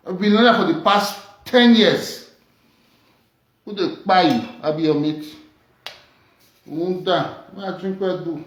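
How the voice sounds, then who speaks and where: A woman's voice: deep voice, animated, measured pace, pauses often. Combative Nigerian woman ranting, echoey room. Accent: Nigerian Pidgin English. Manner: combative, mocking, repetitive taunts. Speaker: vlogger. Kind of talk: ranting monologue.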